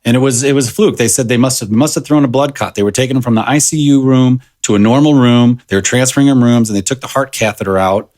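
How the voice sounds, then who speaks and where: A man in his thirties, a podcast guest, telling a personal story in a casual, halting way with many fillers and restarts. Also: mid-range voice, darkish tone.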